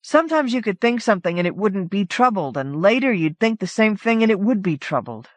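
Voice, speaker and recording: A woman's voice: medium pitch, big pitch swings, fairly quick, dry recording. A woman reading a short story aloud in a casual, conversational first-person telling. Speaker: audiobook narrator. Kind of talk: scripted narration of a short story.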